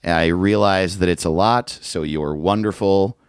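A man's voice: low-pitched, a little slow, clear, resonant tone, dry recording, clean studio sound. A man co-hosting a comedy podcast, chatting casually with a joking, profane manner and frequent laughs. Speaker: podcast co-host.

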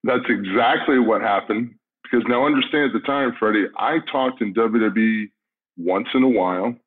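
A man's voice: on the low side, normal speed, breathy edge. A middle-aged man, a former wrestler guesting on a podcast, talking bluntly and laid-back with plenty of swearing. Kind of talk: casual interview chat. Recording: tinny phone-like line.

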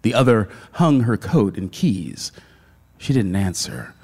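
A man narrating a literary short story in a hushed, dramatic manner. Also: on the low side, huge pitch swings, slow, creaky, breathy edge.

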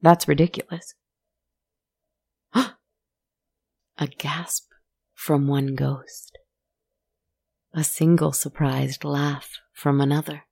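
A woman telling a spooky story in a soft, hushed, scripted narration that sometimes sinks into a whisper. Her voice is low, husky and gravelly with heavy vocal fry, mellow in tone, and she takes her time. The recording is close and dry. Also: flat delivery, no room sound. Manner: soft, slow and hushed, dropping at times to a whisper.

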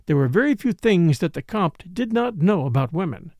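A male audiobook narrator with a gravelly, fry-tinged voice, reading with expressive storytelling. His pitch sits a little high and moves a great deal, in a dry, close recording. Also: normal speed, no echo. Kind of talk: scripted narration.

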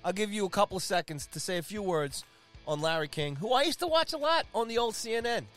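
A man's voice: high voice, animated, fast, fairly bright tone, faint music behind. A man co-hosting a sports podcast in casual chat, rattling off league standings with jokes and asides. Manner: chatty, jokey, rambling with fillers. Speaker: podcast co-host.

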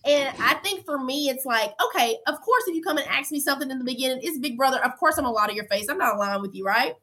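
Bright-voiced, emphatic young woman. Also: sits high, fast. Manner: emphatic and animated, slips into quoted dialogue. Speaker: former reality show contestant. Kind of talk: candid interview storytelling.

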